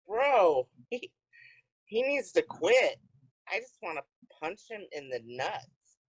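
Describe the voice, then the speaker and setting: Woman co-host, tipsy and playful; lively pitch, slow delivery, casual swearing. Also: breathy edge, highs cut off. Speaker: podcast co-host. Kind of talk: casual chat.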